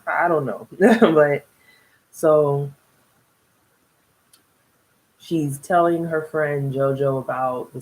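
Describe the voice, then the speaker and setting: A woman's voice: extremely low pitch, slight background noise, poor audio. A young woman casually recapping a reality TV episode, chatty and rambling, often laughing between thoughts. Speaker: TV reality show reviewer.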